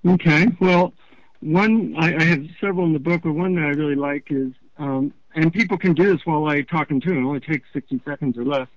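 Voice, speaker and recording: A man answers interview questions in a relaxed, halting way, with plenty of fillers. The sound is dull and lo-fi, like a radio broadcast. The room is dry. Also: a little high, no echo. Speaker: author guest.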